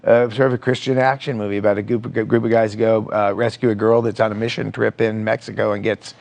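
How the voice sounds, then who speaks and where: Man, middle-aged, TV interview guest, animated storyteller, acts out quotes. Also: on the low side, fast, creaky. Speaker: filmmaker guest. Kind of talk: conversational TV interview. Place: TV studio.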